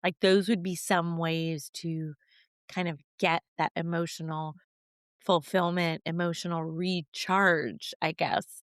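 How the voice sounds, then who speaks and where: A woman hosting a podcast, asking reflective questions and offering soft affirmations. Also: lowish voice, flat delivery, slow pace, smooth, no echo, clean studio sound. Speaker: podcast host. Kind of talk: conversational interview.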